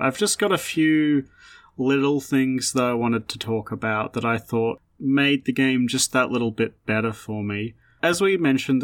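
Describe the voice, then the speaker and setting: A man co-hosting a game review podcast in casual chat, relaxed and hesitant. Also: medium pitch. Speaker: podcast co-host reviewing games.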